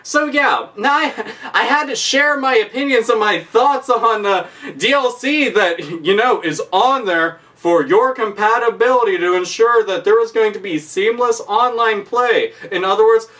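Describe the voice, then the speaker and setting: Speaking a bit slowly in a high, pushed, bright voice, a man delivers an angry rant vlog. Profanity runs throughout as he emphatically repeats the same points over and over.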